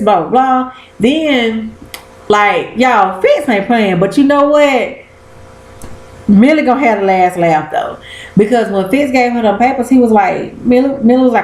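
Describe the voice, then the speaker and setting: A woman's voice: fairly high pitch, expressive, unhurried, a little mellow, echoey room, poor audio. A woman chatting casually about a TV episode, slangy and cussing as she acts out quotes. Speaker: vlogger recapping a TV episode. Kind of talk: casual chat.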